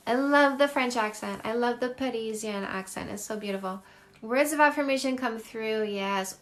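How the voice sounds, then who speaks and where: A middle-aged Canadian woman, a dating coach hosting a live stream on her phone, chatting casually and gushing over viewer comments. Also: on the high side. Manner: effusive, gushing, quick and chatty.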